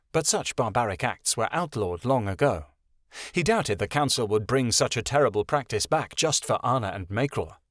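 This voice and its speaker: A man reading a fantasy novel aloud as the audiobook narrator, in an even storytelling manner. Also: medium pitch, dry recording, clean studio sound. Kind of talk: scripted narration.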